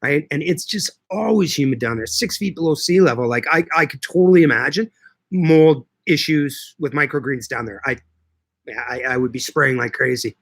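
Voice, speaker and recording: A man's voice: a little high, normal speed, a bit bright, no room sound. A man hosting a casual livestream, chatting with viewers, reading their comments aloud and often repeating his words. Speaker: livestream host answering chat.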